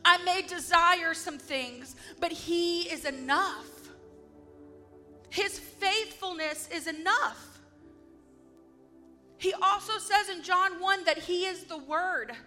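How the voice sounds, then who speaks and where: High bright-voiced woman giving testimony. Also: takes it slowly, soft background music. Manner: earnest, heartfelt, emphatic. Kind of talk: devotional testimony monologue.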